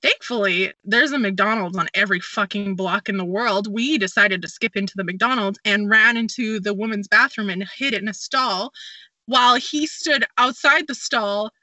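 A woman's voice: medium pitch, normal speed, bright, forceful tone, no room sound, dull audio. A young woman telling a story and giving travel advice in a casual chat, with many fillers and a giggly manner.

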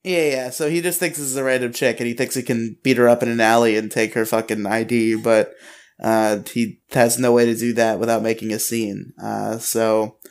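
A man co-hosting a casual podcast, recapping the plot in a relaxed way with plenty of fillers. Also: mid-range voice, moderate pace. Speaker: podcast co-host recapping episodes.

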